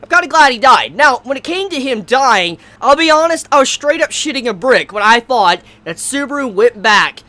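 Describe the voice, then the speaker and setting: Woman vlogger, high voice, animated and profane, prone to shouting bursts. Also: normal speed, few pauses. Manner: animated, swearing, outbursts of shouting. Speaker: anime reviewer. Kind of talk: casual video review.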